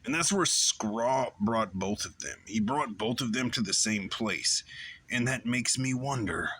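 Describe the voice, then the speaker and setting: A man with a bright, forceful voice talks through a casual episode recap. His delivery is loose and rambling, full of "like" and "remember" as he retells one scene after another. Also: mid-range voice, slightly rough. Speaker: show host.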